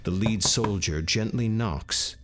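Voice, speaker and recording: A man giving measured second-person scripted narration for a game. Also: fairly low pitch, a bit bright, slight background noise.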